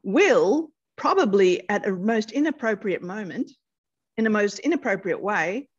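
A woman guest therapist explains with lively, expressive energy, reaching for vivid everyday analogies. Her pitch sits in the middle range. The audio is a little dull and lo-fi. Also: measured pace, slightly rough. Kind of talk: animated explanatory interview talk.

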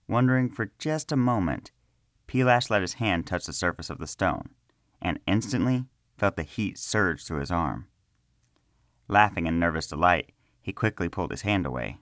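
A man with a very deep voice reads a fantasy tale aloud, measured and even in his delivery. His narration sounds close and dry, with no room echo. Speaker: storyteller.

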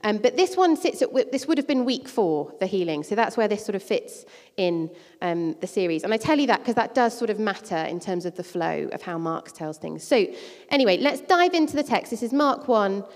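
A woman's voice: medium pitch, very animated, fairly quick, darkish tone. Woman giving a sermon, chatty asides, mid voice, big echoey hall. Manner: conversational, with casual asides and fillers. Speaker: preacher. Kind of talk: sermon with Bible reading. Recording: long reverb of a large hall.

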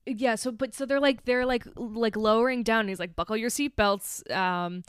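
Rambling woman with a smooth voice. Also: a little high, normal speed, no room sound, clean studio sound. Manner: rambling, swears casually, many fillers. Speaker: podcast co-host. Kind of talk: casual chat. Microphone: studio microphone.

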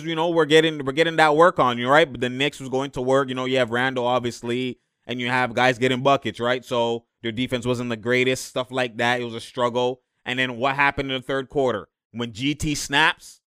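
A man's voice: mid-range voice, fairly bright tone, smooth, no echo, clean studio sound. A young man hosting a podcast, talking basketball in a casual, slangy way and leaning on filler phrases. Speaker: podcast host.

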